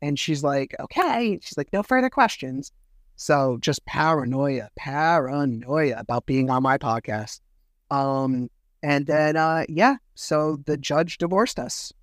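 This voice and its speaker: A middle-aged man hosting a podcast, telling a personal story in a bitter, rambling way, swearing often and filling pauses with fillers. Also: on the high side, steady tone, no echo, clean studio sound. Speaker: podcast host. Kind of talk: casual solo storytelling.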